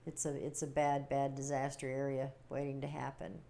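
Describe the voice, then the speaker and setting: A woman hosting a casual livestream, chatting warmly with viewers, reading their comments and laughing often. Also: rumbling low, flat delivery, moderate pace, gravelly. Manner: chatty, giggly, reading chat aloud. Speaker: livestream host.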